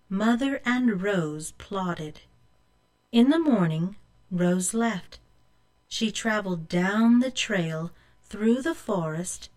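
Woman storyteller for a kids' folk tale, unhurried, with a lively, sing-song delivery. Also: mid-range voice. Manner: expressive, asks the listener questions. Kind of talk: storybook read-aloud.

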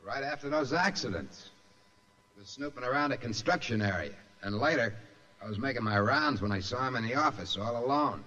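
An actor playing a plain-spoken security guard giving matter-of-fact testimony, in 1940s radio acting. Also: male voice, medium pitch, expressive, a little fast, pushed and bright. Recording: muffled old radio recording.

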